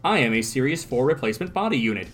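A man voicing a calm male replacement-body robot in a flat, formal recital. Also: medium pitch, fast, soft background music.

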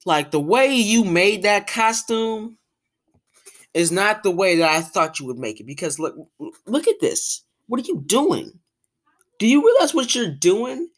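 A young woman hosting a podcast, ranting casually in an exasperated, animated way, full of restarts and fillers. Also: mid-range voice, unhurried. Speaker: podcast host.

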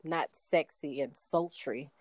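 A woman's voice: sits low, takes it slowly, a little mellow, no room sound. A woman co-hosting a podcast in casual chat, with a radio host voice and a playful, laughing manner.

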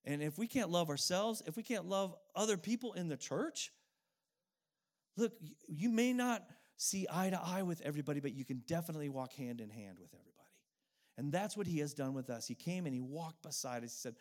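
A middle-aged man preaching a sermon as a pastor, earnest and emotional, telling a personal story with pauses and repeated phrases. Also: a little high, expressive.

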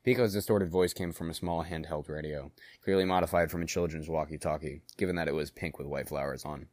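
A man with a deep, low voice reads a story aloud. He shifts into the characters' lines as they come up. The sound is dry and close to the mic. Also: steady tone, brisk, no room sound. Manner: acts out characters in dialogue, shouting and growling. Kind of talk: reading a fan story aloud, voicing characters.

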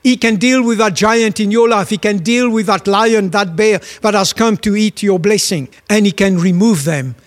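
A man's voice: high voice, moderate pace, few pauses, long reverb tail. A man preaching a sermon, telling a story emphatically and asking his listeners questions.

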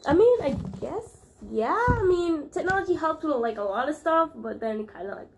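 A woman's voice: high voice, lively intonation, normal speed, noisy background. A young woman chatting casually, hesitant and full of fillers. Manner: hesitant, filler-heavy, easygoing. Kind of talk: casual chat.

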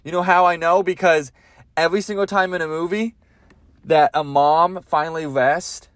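A man's voice: fairly high pitch, fairly even intonation, normal speed, no room sound. A man hosting a comedy podcast, ranting crudely in a rambling monologue with lots of swearing. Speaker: podcast host.

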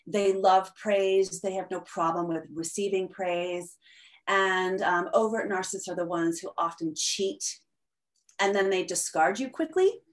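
A woman speaks as an interview guest, in a slightly low voice. She explains at length in an animated way, with many fillers and restarts. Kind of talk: conversational interview.

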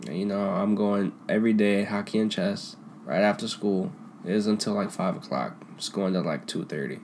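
Young dude, lowish voice, slangy storytelling, laughs a lot, faint noise in the background. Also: male voice, moderate pace. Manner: slangy, laughs a lot, trails into quiet mumbles. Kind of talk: casual storytelling chat.

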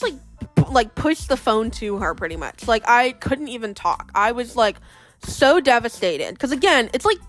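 Young woman, higher voice, casual storyteller who acts out the people she quotes, faint music under her voice. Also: a bit bright. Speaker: vlogger.

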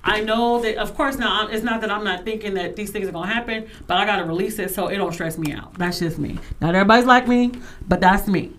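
A woman's voice: mid-range voice, fast talker, slight background noise. A woman hosting a radio show, chatting casually and telling stories with frequent laughter. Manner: lively, laughs often, expressive storyteller.

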